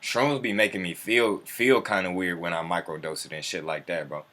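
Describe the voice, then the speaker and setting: A man hosting a loose, unscripted livestream, talking in a somewhat low voice. He rambles in profane slang and reacts to viewer comments as they scroll by. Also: fairly even intonation, normal speed, bright, forceful tone. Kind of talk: casual livestream chat.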